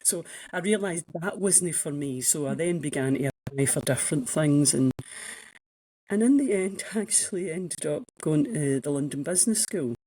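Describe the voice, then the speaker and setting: A woman's voice: low voice, expressive, normal speed, dark tone, husky, rough recording. A Scottish woman in her sixties, an economics professor telling frank, self-mocking stories as a guest in a casual interview. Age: 60s.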